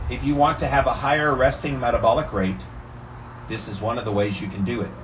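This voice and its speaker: An upbeat man chats to his viewers from an outdoor ice bath, stopping now and then to ask them a rhetorical question. His voice sits at an ordinary middle pitch, with a faint hiss of outdoor noise behind it. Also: fairly even intonation, brisk, fairly bright tone, low-quality recording. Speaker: health vlogger. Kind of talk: casual talk to camera while sitting in an ice bath.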